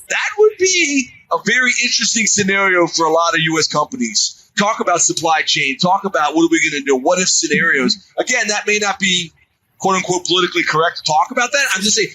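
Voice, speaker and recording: A man's voice: high-pitched, husky, no room sound, low-quality recording. A man in his fifties, a security expert guest, telling stories in a casual interview and acting out the voices of people in them. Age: 50s. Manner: animated storyteller who acts out quoted voices.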